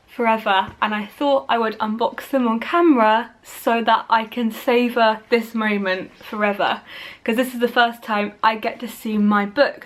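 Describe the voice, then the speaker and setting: A woman author vlogging at home into a camera mic, talking in a slow, halting, emotional way. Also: a little high, a bit bright. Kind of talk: casual vlog unboxing.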